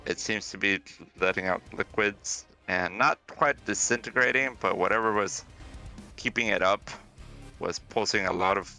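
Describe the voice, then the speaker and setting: A man's voice: lowish voice, normal speed, gravelly, pushed and bright, faint music behind. A man running a tabletop game as game master, casually counting out moves and narrating the scene. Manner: casual, counts out movement aloud.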